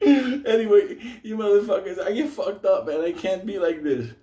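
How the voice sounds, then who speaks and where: A man's voice: high-pitched, a little fast. A man telling a wild personal story in a casual, rambling way, swearing constantly and breaking into laughter. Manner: profane, laughs often; animated, rambling.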